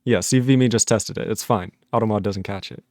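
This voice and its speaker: A man's voice: on the low side, fairly quick, a little mellow, no room sound, studio quality. A man on a casual live stream, reading chat messages aloud, laughing often and puzzled by the jokes.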